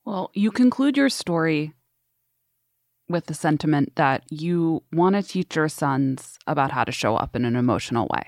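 A woman hosting a podcast, asking engaged, expressive interview questions and wrapping up the show. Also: low voice, moderate pace, no room sound, studio quality. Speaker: podcast host. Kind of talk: conversational interviewing.

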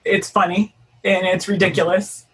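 A woman's voice: medium pitch, level tone, normal speed, low-quality recording. A woman taking part as a volunteer over a video call, speaking in an earnest, emotional way. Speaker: volunteer participant.

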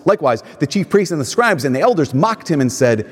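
A man delivers a sermon with a husky, breathy edge to his voice. His pitch rises and falls in lively swings as he reads scripture with dramatic pauses. The sound carries the long reverb of a large hall. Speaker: preacher.

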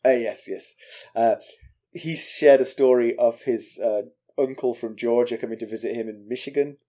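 A man's voice: medium pitch, moderate pace, dark tone. A man co-hosting a podcast in casual chat, making wry, dry asides and stumbling over his words. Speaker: podcast co-host.

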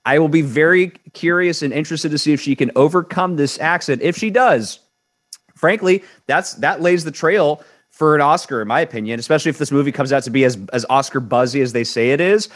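His fairly high voice has a fairly bright tone and a brisk pace. He's an entertainment news co-host of Cuban descent, stating his opinion bluntly and emphatically, frequently repeating words as his argument builds.

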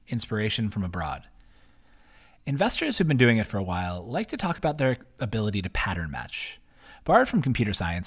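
A man reading his own newsletter post aloud as scripted narration, in a chatty way with wry asides. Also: medium pitch. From half Italian.

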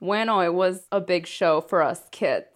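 A woman's voice: lowish voice, moderate pace. Laid-back woman podcast co-host. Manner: laid-back, mixes in Spanish words. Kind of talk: casual chat.

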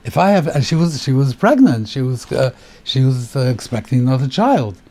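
Man teaching a Torah class, mellow voice. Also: medium pitch, big pitch swings, normal speed. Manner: explanatory, poses rhetorical questions, mixes in Hebrew terms. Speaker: rabbi. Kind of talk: Torah class on the weekly portion.

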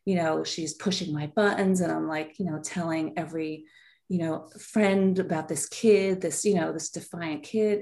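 A woman's voice: low voice, steady tone, moderate pace, darkish tone. A woman in her forties, a podcast guest, telling a heartfelt personal story in a rambling way with many fillers.

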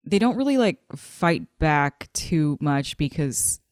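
A woman in a casual discussion, chatty and relaxed, with lots of fillers. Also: low-pitched, slow pace, dry recording, studio quality.

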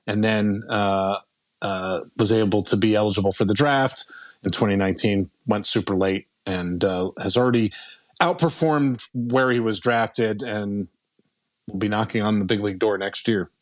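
A man's voice: lowish voice, normal speed, no echo. A man on a baseball podcast, loosely talking through a prospect with frequent restarts. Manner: loose, fillers and restarts, joking. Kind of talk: casual podcast chat.

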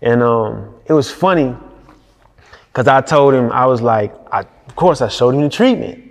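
A man's voice: medium pitch, animated, normal speed, in a large hall. A man from Detroit, a music video director telling stories in a casual interview, laid-back and slangy. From Detroit, USA. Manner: laid-back, slangy, lots of fillers and laughs.

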